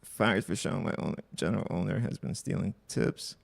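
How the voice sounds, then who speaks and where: A man's voice: sits low, fairly quick, creaky, husky, no room sound. A young man hosting a casual livestream, reading online posts aloud and commenting bluntly with profanity. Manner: blunt, profane, offhand asides.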